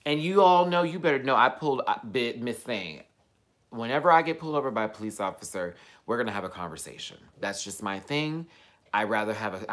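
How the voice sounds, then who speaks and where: A man telling a story as a casual vlog rant, sassy and profane, swinging from loud outbursts to low muttered asides. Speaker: vlogger.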